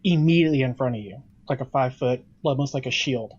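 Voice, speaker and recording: A man's voice: mid-range voice, fast talker, a little mellow, slightly rough, highs cut off. A man running a tabletop game as game master, explaining rules and results with hedges and fillers.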